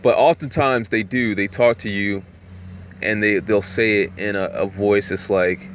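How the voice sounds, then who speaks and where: A man talking in a rambling, casual monologue, full of "you know" fillers, sometimes jumping up in pitch to act out voices. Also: steady tone, unhurried, fairly bright tone, a little hiss or hum. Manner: acts out voices with jumps in pitch.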